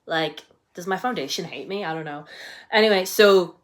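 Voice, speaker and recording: A young woman with a British accent chats through her monthly reading in a relaxed, rambling way, circling back with "um" and "like" as she goes. Her voice sits a little low for a woman. She sounds keen about the books she loved. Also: normal speed. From United Kingdom. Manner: chatty and rambling, many fillers and restarts, enthusiastic. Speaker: book vlogger. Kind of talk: casual book review chat.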